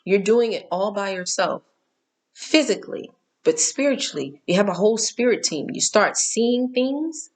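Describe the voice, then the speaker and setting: A woman's voice: medium pitch, animated, normal speed. A middle-aged woman hosting a casual spiritual talk, candid and emphatic, repeating herself and cursing now and then.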